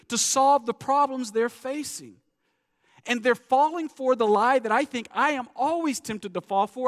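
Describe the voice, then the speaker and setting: A man preaching a sermon as pastor, animated, acting out the crowd's voices and dropping low at the ends of phrases. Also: big-room sound.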